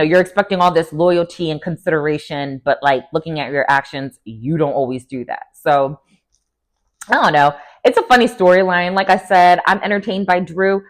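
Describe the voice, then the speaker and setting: A young woman casually recapping a reality show in a chatty, gossipy way, often slipping into quick playful quotes. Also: sits low. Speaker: TV recap vlogger.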